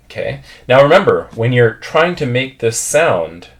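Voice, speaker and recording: Slow, lively-toned male pronunciation teacher. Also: mid-range voice. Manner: patient, repeats words for learners to echo. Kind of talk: classroom pronunciation drill.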